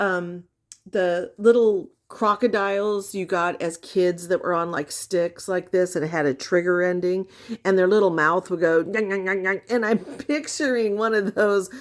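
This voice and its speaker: A woman giving casual explanatory commentary, wry and teasing, often asking rhetorical questions. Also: mid-range voice.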